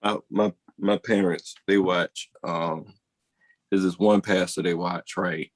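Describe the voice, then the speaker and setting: A man's voice: low voice, steady tone, slow pace, no echo. A man co-hosting a podcast in casual chat, rambling through stories and laughing as he tells them. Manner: rambling storyteller, laughs while telling. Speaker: podcast co-host.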